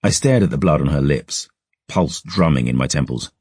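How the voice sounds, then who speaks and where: A man narrating a dark fantasy audiobook in a measured, brooding storytelling manner, close to a studio mic. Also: very deep voice, expressive, dry recording.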